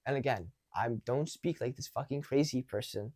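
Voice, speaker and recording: A young man giving casual dating advice, animated and swearing freely. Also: medium pitch, normal speed, dry recording, studio quality. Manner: animated, acts out quoted exchanges, swears casually. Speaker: dating coach.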